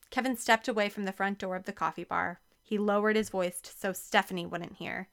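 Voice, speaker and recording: A woman reading a children's novel aloud as narrator, expressive and clear. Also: medium pitch, a little fast. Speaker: audiobook reader.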